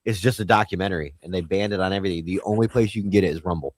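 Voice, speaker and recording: A man's voice: low voice, rapid-fire, a little mellow, no echo. A man in casual podcast chat, rambling and argumentative, swearing often. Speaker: podcast host.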